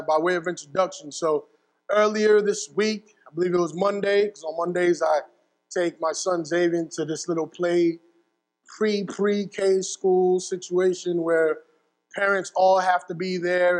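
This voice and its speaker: A young man preaching, his voice set high for a man. He tells a story and keeps checking in with "right?" as he goes. His voice carries a long reverb, as if in a big hall. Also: fairly even intonation, measured pace. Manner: storytelling with asides and repeated "right?". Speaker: pastor. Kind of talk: sermon.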